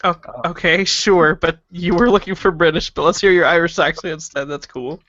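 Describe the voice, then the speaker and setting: A man's voice: fairly high pitch, steady tone, moderate pace, a bit bright, no room sound, muffled recording. A man hosting a podcast in casual chat, teasing and easygoing with his co-host.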